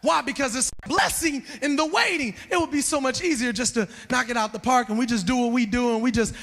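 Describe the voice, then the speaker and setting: Male church elder, gravelly and bright, emphatic sermon delivery with humor, faint music underneath. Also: extremely high pitch, fast talker, long reverb tail. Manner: emphatic, shouting preacher with joking asides. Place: church sanctuary.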